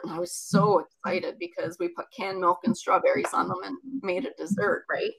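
A woman's voice: medium pitch, sing-song, normal speed, vocal fry, hardly any pauses, a bit bright, low-quality recording. A woman telling a personal childhood story in conversation, chatty and rambling with many asides.

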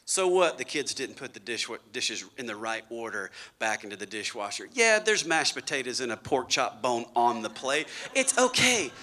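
A male pastor preaching a sermon, swinging between loud bursts and hushed asides. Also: medium pitch, sing-song, normal speed.

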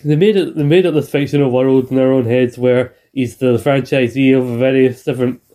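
Man, relaxed dark tone, loose sweary podcast chat. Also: mid-range voice. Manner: swears freely, rambling with restarts. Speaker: podcast co-host. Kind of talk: casual chat.

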